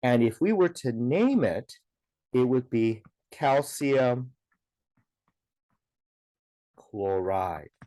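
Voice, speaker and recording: A man's voice: mid-range voice, expressive, very slow, long pauses, mellow, no echo. A man teaching a science lesson, explaining step by step in a patient way, with a lot of "okay" and "now". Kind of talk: recorded classroom lesson.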